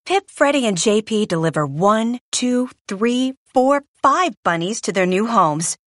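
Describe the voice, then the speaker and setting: A woman reading a children's storybook aloud in an expressive way. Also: a little high, measured pace, dry recording, clean studio sound. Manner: lively, expressive. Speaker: storybook reader.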